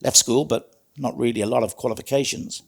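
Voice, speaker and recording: A man's voice: medium pitch, steady tone, fairly quick, gravelly. A middle-aged man, telling his life story as a guest in an interview in an earnest, plain-spoken way. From South Wales. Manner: earnest, plain-spoken, calls the host mate.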